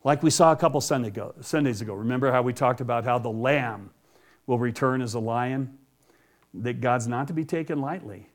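A man's voice: mid-range voice, a little fast. Man preaching in a conversational way. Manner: conversational, repeats words. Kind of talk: sermon Bible teaching.

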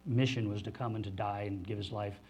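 A man preaching a sermon to a congregation in a conversational, animated way, often acting out the voices of others. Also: a little fast, slight background noise. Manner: animated, acts out the disciples' voices in higher pitch; conversational, with restarts and asides to the congregation. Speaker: pastor. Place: church hall before a congregation.

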